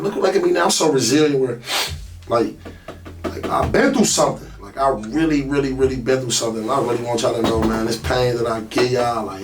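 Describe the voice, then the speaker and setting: A young man recounts his own hard upbringing, candid and emotional, with many filler words. His voice sits in an ordinary middle pitch. He sounds a little distant from the mic, with faint ambient noise behind him. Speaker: podcast host. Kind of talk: personal storytelling monologue.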